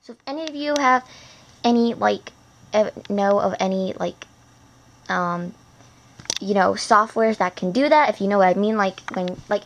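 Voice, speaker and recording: A teenage girl chatting casually while unboxing a gift, excitable and gushing, rambling between thoughts. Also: medium pitch, moderate pace, pauses often, highs cut off, a little hiss or hum. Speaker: vlogger.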